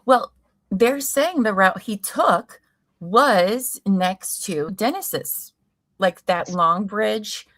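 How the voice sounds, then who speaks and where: A woman's voice: medium pitch, lively intonation, extremely slow, a bit bright, no echo. A woman from Ohio hosting a casual true crime livestream, chatting and reading viewer comments aloud. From Ohio, USA. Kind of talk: casual chat.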